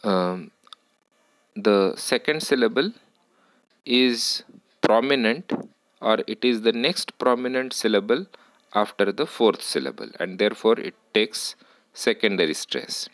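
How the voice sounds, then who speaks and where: A man teaching a lesson on word stress, speaking deliberately, repeating words and correcting himself as he goes. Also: on the low side, expressive, fairly bright tone, no room sound.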